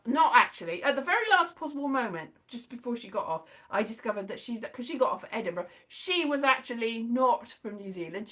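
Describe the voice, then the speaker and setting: A woman's voice: on the high side, fairly bright tone. A woman telling a rambling travel anecdote in a casual vlog, with many restarts and asides.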